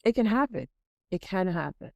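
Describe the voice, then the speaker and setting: A woman hosting a podcast who gives an animated, dramatic motivational faith talk and repeats points for emphasis. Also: fairly low pitch, moderate pace, creaky, no echo, highs cut off. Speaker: podcast host.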